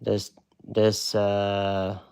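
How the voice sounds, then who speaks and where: A man's voice: on the low side, completely flat delivery, drawn-out words, a little mellow, clean tone. A man teaching a casual live watercolor lesson, chatty and rambling with laid-back slang. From United States.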